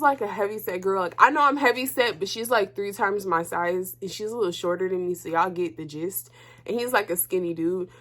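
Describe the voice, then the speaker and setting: Blunt young woman telling a story. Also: medium pitch. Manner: blunt, profane, talks straight to viewers; animated, voice jumps up when heated. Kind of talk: casual storytime chat.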